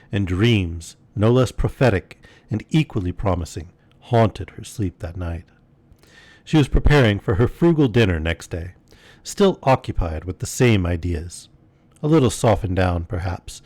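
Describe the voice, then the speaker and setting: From a home streaming setup, a man reads a classic novel aloud as a bedtime story, measured and unhurried, with casual asides to his listeners. His voice is low-pitched and a little mellow, with no echo.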